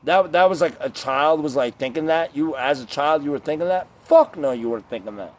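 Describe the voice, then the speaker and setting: A man's voice: fairly high pitch, animated, a little fast. A young man ranting to camera in a blunt, profane, rambling vlog monologue, now and then mocking the voices of others. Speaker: vlogger.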